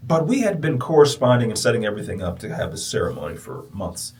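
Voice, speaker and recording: A man hosting a podcast who tells a personal story to his listeners. He swings from loud, emphatic bursts to near-whispers and repeats phrases for emphasis. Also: medium pitch, sing-song, quick pace, far from the mic. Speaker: podcast host.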